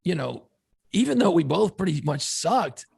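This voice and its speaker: A middle-aged man co-hosting a podcast, a former radio DJ telling profane, animated stories in casual chat. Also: fairly high pitch, moderate pace, gravelly, husky.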